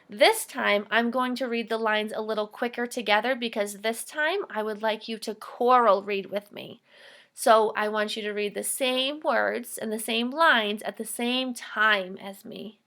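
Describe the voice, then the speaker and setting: A woman teacher giving a reading lesson for children, modeling the lines slowly and expressively and encouraging her students. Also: on the high side, sharp tone.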